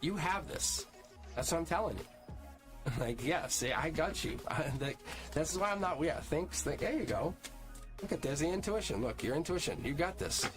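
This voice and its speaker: A man's voice: fairly high pitch, big pitch swings, moderate pace. A man hosting a live tarot reading stream, talking casually and upbeat to viewers in the chat and laughing often. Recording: music playing underneath. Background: music playing.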